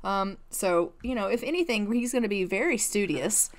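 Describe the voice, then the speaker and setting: A woman's voice: medium pitch, expressive, moderate pace. A woman giving casual gameplay commentary, chatty and full of filler words, laughing often. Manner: chatty, full of "like" and "you know". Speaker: let's-play creator.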